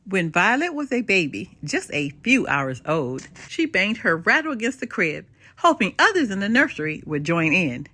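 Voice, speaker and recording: Oudere vrouw die levendig voorleest. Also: female voice, mid-range voice, moderate pace, dry recording. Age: older. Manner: expressive, lilting. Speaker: storyteller. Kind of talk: bedtime story read-aloud.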